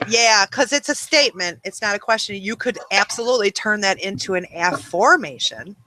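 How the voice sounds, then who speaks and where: A woman's voice: mid-range voice, lively intonation, normal speed, sharp tone, a little hiss or hum. A woman hosting a webinar in a casual, rambling way, full of ums and you-knows. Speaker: webinar host.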